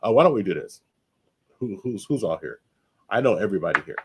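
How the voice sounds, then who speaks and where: A man's voice: on the low side, animated, fast, very noisy. A man hosting a casual live podcast stream, easygoing and prone to repeating himself as he runs the show. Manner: easygoing, repeats phrases, laughs often. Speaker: podcast host.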